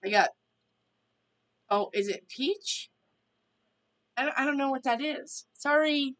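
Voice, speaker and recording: This woman, a tarot reader, hosts a relaxed live stream where she chats with viewers and reads out what they ask. She has a high, slightly bright voice and speaks slowly, heard through a rough recording.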